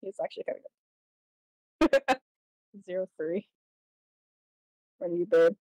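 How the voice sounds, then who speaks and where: A woman's voice: fairly low pitch, expressive, measured pace, darkish tone, dry recording, rough recording. A young woman streamer chatting casually while gaming, laughing and swearing often.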